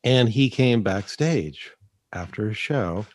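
A man co-hosting a podcast, joking in a lively casual chat. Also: on the low side, takes it slowly, no echo, studio quality. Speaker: podcast co-host.

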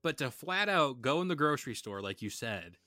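A man's voice: medium pitch, sing-song, a little fast, sharp tone, dry recording, faint music behind. A young man co-hosting a podcast, chatting casually with jokes and rambling asides. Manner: joking, rambling, many fillers. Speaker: podcast co-host. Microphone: studio podcast mic.

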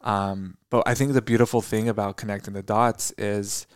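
A man co-hosts a podcast in a reflective, casual conversation. His voice is low and smooth, and he feels his way through ideas in earnest, with many pauses and restarts. The sound is dry and close. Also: flat delivery, no room sound. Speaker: podcast co-host.

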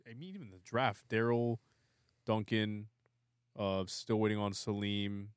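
A man on a fan podcast who talks in a brash, excitable way and swears freely. His voice sits fairly low. The sound is dry and close. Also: a little slow, clean tone, no echo. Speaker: podcast co-host. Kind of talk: casual fan podcast chat.

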